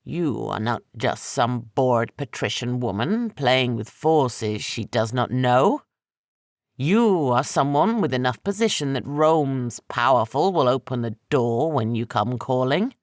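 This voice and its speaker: For an audiobook, a man voices an ancient, menacing sorcerer in slow, heavy, rasping speech. His mid-range voice is animated, and the studio-quality recording has no room sound.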